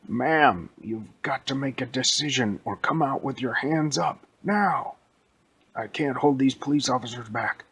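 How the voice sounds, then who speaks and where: A man doing a calm, coaxing superhero. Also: mid-range voice, a little slow, slightly rough, exaggerated voice. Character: calm, reassuring male superhero.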